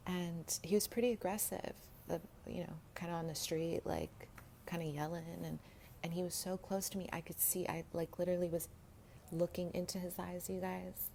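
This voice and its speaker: A woman's voice: fairly low pitch, steady tone, moderate pace, warm tone. A woman telling a rambling personal story to her viewers, laughing often and dropping into whispers. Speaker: vlogger. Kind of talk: casual storytelling to camera. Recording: faint background noise.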